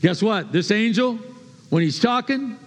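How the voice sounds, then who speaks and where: A man with a high voice preaches a sermon, hammering his points with repeated phrases and sudden swings in loudness. Long reverb trails every line, as in a big church hall. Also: lively intonation, measured pace. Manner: emphatic, repeats phrases, shifts from hushed to loud.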